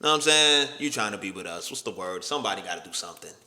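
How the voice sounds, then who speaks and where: A man's voice: low voice, lively intonation, very fast, bright, forceful tone. A young man hosting a casual chat, talking in loose slang with emphatic bursts. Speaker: host.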